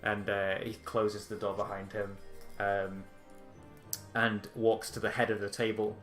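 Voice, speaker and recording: A man's voice: lowish voice, unhurried. Man, game master, laid-back narration, echoey room, faint music. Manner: relaxed, filler-heavy narration.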